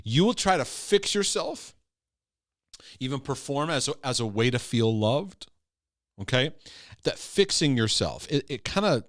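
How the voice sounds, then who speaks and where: A man teaches with a lively, swooping voice, hammering home key phrases and often checking in with "right?" and "okay?". He sounds close and dry, with no room sound around him. His delivery is earnest and emphatic, as in a recorded Christian teaching. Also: mid-range voice, a little slow, long pauses, dry recording. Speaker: Christian teacher and former pastor. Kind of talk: teaching talk to camera.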